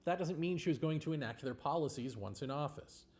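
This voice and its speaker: A man's voice: fairly high pitch, lively intonation, a little fast, darkish tone. A man hosting a livestream, talking in a rambling, blunt monologue with swearing and laughs. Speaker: livestream host. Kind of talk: casual political monologue.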